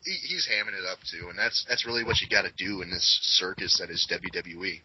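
A man's voice: deep voice, quick pace, a little hiss or hum. A man co-hosting a casual wrestling podcast, enthusiastic, swearing freely and acting out quotes, on dull lo-fi audio. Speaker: podcast co-host.

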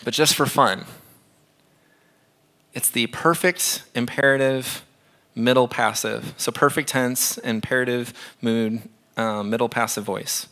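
A man in his thirties preaching in a church, his voice bright and forward. He talks to the congregation casually, then presses his points with emphatic repetition. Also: medium pitch, fairly even intonation, unhurried. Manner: conversational, emphatic, repeats phrases for effect. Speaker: pastor. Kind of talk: sermon.

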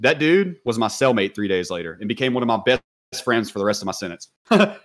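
A man guests on a podcast and tells his story at a rapid clip. His talk is loose, full of slang and swearing, and he keeps it animated and casual throughout. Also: medium pitch.

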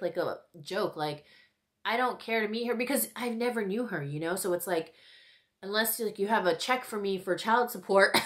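Chatty woman vlogger with a lowish voice. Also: a bit bright. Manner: chatty, frequent "like" and "you know", laughs often. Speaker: beauty vlogger. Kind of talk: casual get-ready-with-me chat.

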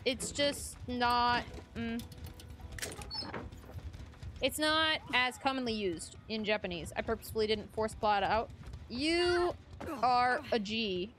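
Casting note: young woman streamer, high bright voice, giggly and chatty, faint music behind. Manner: chatty, giggly, reads and greets chat. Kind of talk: casual live-stream chat while gaming.

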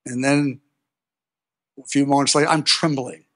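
An older man preaching a sermon, telling personal stories in an animated way, with sudden loud peaks. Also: medium pitch, normal speed.

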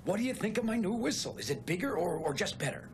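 Storybook tugboat kid, young male, eager and earnest, lively high voice, put on by a man narrator. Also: fast, background noise. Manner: earnest, anxious to sound important.

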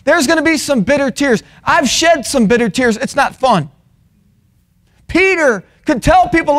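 A man preaching a sermon in a college chapel, swinging from loud, emphatic peaks to low, quiet asides. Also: expressive, measured pace.

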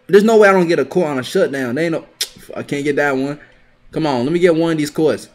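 A young man giving live gameplay commentary, trash-talking his opponents with heavy profanity and sudden bursts of yelling. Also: a little high, quick pace, slight background noise. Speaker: gaming video creator.

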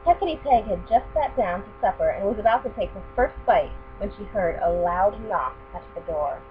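A woman reading a children's picture book aloud in a steady, expressive storytelling voice. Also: mid-range voice, moderate pace. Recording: tinny lo-fi with mains hum.

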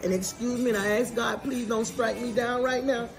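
A woman's voice: on the high side, fairly even intonation, normal speed, vocal fry, music in the background. A woman on a played tape, bluntly and exasperatedly venting about being pushed to her limit.

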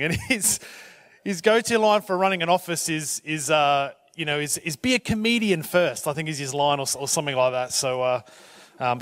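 Guy pastor chatting to his church, kinda high voice, lots of um and uh, jokes at his own expense. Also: fairly bright tone. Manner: halting, with many fillers and restarts; self-deprecating humour. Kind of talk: church talk.

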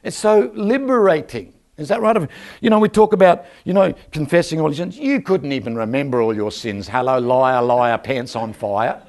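A man's voice: sits high, lively intonation, fairly quick, darkish tone. A man preaching a sermon in a church, telling stories and asking the crowd for an amen. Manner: storytelling with rhetorical questions and calls for amen.

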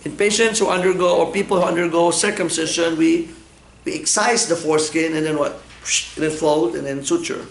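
A man's voice: a little high, steady tone, brisk, reverberant, low-quality recording. A man giving a medical lecture, joking, asking the class questions and answering them himself. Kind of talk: classroom lecture with personal anecdotes.

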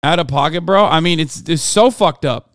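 A man's voice: fairly high pitch, normal speed, a bit bright, clear, resonant tone, dry recording, clean studio sound. A man streaming, giving loose, profane political commentary and reading chat aloud. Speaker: streamer reacting to news.

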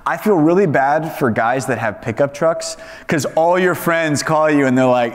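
A man teaching a Bible study, reading scripture and praying, then explaining it in an animated way, acting out the voices in his examples. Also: a little high, normal speed, hardly any pauses. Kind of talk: sermon. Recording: hall reverb.

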